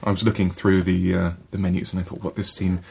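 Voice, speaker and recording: A man's voice: low-pitched, level tone, quick pace, creaky, a little mellow, slightly rough. A man chatting casually on a panel, rambling and hesitant with plenty of ums.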